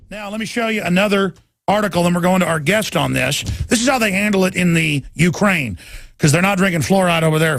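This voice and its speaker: Male radio host, gravelly and high-pitched, urgent rambling monologue, dry close sound. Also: a bit bright, no room sound. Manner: urgent, rambling, addresses listeners as folks. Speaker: radio talk show host.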